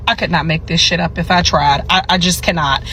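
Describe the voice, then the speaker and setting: A bright, forceful woman tells a patient story with animation and acts out the quotes. Her pitch sits in a middle range. Faint vehicle noise hums somewhere behind her. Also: fairly even intonation, brisk, poor audio. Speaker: healthcare worker. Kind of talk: anecdote vlog.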